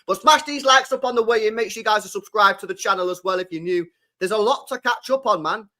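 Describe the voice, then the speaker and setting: A man's voice: high voice, fast. Chatty slang-heavy young man. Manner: loose and chatty, slang-heavy, swings from loud bursts to mumbling. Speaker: football channel host. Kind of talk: casual live-stream chat.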